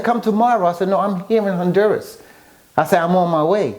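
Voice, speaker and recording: A man with a high voice, speaking a little fast, recounts his story in a casual interview where he's a guest, an author and photographer. He animatedly acts out the things other people said to him as he goes.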